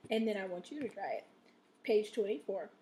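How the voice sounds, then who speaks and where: Woman teacher with a rough, coughy voice. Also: mid-range voice, very animated, a little mellow. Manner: checks in with "okay?" after nearly every sentence; slow, drawn-out stress on vocabulary words. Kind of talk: recorded reading lesson.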